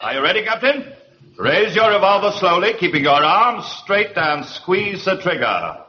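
A man's voice: high voice, sing-song, moderate pace. An actor playing a brusque, pompous middle-aged army major who barks drill commands and scolds his men. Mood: scolding. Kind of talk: sitcom acting. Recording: dull old TV audio with hiss.

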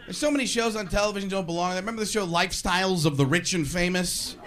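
A man's voice: high-pitched, fast talker, fairly bright tone. A man performing a stand-up comedy set, ranting animatedly and slipping into voices. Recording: live stage audio with noise.

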